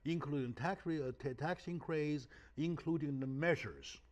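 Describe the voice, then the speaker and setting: A man's voice: fairly high pitch, normal speed. Host role: man, Chinese native speaker, punchy rhetorical delivery, keeps asking "right?". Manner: emphatic, asks rhetorical questions, frequent "right?". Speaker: talk show host. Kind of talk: animated interview talk.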